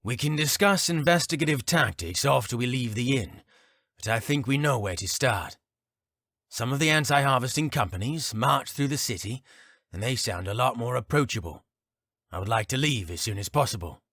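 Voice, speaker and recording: A man voicing a composed, polite male captain in an audiobook, talking in a measured, restrained way. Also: medium pitch, animated, fairly bright tone, dry recording, clean studio sound, pitched above the performer's own voice.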